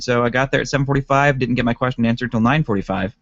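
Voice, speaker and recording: A man's voice: mid-range voice, racing, a bit bright, dry recording, dull audio. A man co-hosting a podcast in casual chat, rambling with lots of fillers and laughs. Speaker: podcast co-host.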